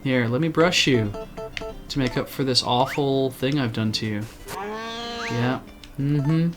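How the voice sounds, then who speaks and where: A man's voice: medium pitch, measured pace, music in the background. A man streaming a farming game, chatting casually with his viewers and poking fun at himself. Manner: chatty, self-deprecating, answers chat. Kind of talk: casual game commentary to chat.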